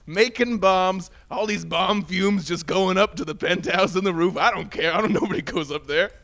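A man's voice: high voice, a bit bright. A man playing a grumpy longtime tenant who makes bombs, ranting indignantly in an improv comedy monologue. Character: older male bomb maker, grumpy tenant.

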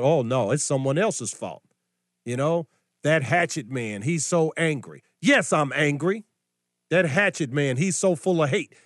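A man's voice: a little high, no echo, studio quality. A middle-aged man hosting a political commentary show, preaching in a combative, scolding way and firing off rhetorical questions.

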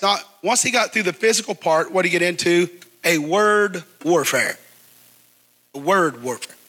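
A preacher, a man, delivers his sermon in a high, ringing voice. His tone is bright and forceful, and he draws the congregation into call and response. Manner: call-and-response preaching, asks the crowd to repeat. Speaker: pastor.

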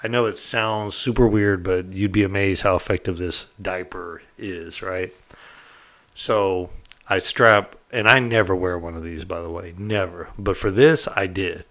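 A middle-aged man casually recounting a prison story, candid and animated, often tossing in "right?" and mild swearing. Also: deep voice, measured pace.

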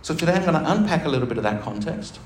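A man's voice: fairly high pitch, lively intonation, very fast. A man preaching a sermon to his church, in a chatty, joking way. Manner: chatty, jokey preaching with laughs. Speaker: pastor. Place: church hall. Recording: roomy church recording with faint noise.

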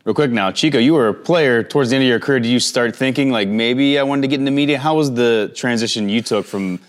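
A man's voice: medium pitch, fast talker. A man, a podcast co-host, putting a direct question to his guest. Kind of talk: interview question.

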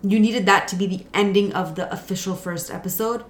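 Speaking fairly quickly in a mid-range voice, a woman co-hosts a podcast. She recaps a TV episode in a casual way and acts out the characters' dialogue.

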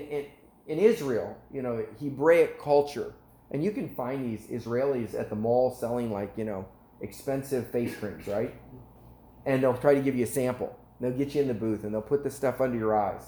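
Animated male preacher in an echoey hall. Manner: animated storytelling, voice climbs high when excited. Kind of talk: sermon. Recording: echoey room.

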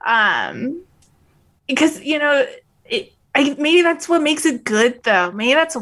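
Woman guest, slightly high voice, emotional and halting, keeps restarting. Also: very animated, fairly bright tone. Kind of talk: casual podcast chat.

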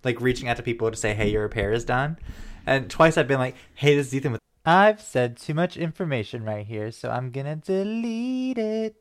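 A medium-pitched man co-hosts a podcast, chatting casually in an animated way and laughing readily.

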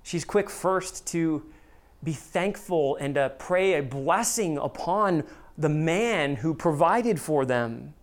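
A pastor delivers a sermon in a lively, expressive way. Quoted voices come out higher and animated, and the earnest appeals turn soft and low. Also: takes it slowly.

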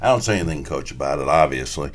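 A man telling old stories in a casual chat, acting out quotes with sudden loud bursts. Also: rumbling low, fast. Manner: animated, acts out quotes with sudden loud outbursts. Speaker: former radio announcer.

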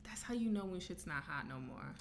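A woman's voice: low-pitched, animated, a little fast, creaky, a little hiss or hum. A woman co-hosting a podcast, talking in a brash, profane, emphatic way in a casual chat.

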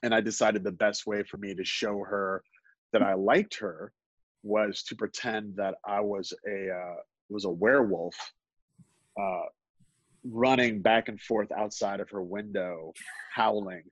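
Halting, self-mocking man telling a story. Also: fairly low pitch, steady tone, no room sound, dull audio. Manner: halting, self-deprecating, many restarts. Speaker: guest storyteller. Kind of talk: live storytelling on a podcast.

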